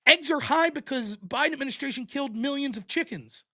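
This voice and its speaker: A man's voice: extremely high pitch, expressive, brisk, bright, forceful tone. A man hosting a show, delivering a blunt, profane, sarcastic political commentary rant. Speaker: show host.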